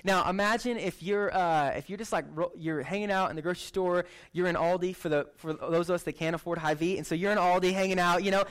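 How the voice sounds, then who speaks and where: A man preaching a sermon in a casual, conversational way, animated and chatty, often tagging lines with "right?". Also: high voice, fast, hardly any pauses, smooth. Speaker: pastor.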